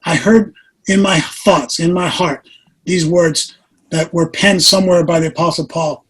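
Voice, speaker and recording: A man in his forties telling a personal story as an interview guest, earnest and animated, laughing at himself at times. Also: fairly high pitch, a little slow, slightly rough, rough recording. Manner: earnest, animated retelling with self-mocking laughs.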